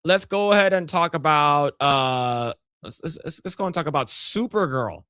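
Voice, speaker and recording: Podcast co-host, male, casual and profane, animated pitch, dry close mic. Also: normal speed, smooth, no echo. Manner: profane, laughing, acts out scenes in high voices. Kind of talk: casual chat.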